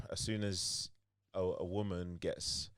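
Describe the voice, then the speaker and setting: A young man, a podcast guest talking in a laid-back, measured way. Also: sits low, level tone, clear, resonant tone, no echo, clean studio sound. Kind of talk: casual chat.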